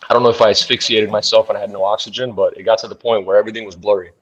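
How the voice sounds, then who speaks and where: A man, a bare knuckle fighter, telling a fight story in an interview in a blunt, profane, animated way. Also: fairly low pitch, very fast, muffled recording, a little hiss or hum.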